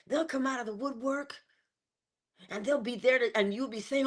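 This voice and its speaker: A woman giving a motivational morning talk, animated and playful, with chatty asides. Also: on the high side, unhurried. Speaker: inspirational speaker.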